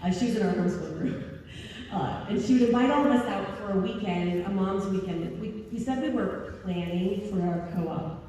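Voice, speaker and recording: A woman's voice: medium pitch, moderate pace, dark tone, recorded from a distance, slight background noise. Chatty woman speaking in an echoey hall. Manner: chatty, self-deprecating, laughs often. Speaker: convention speaker. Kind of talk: humorous talk to homeschool parents. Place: large convention hall.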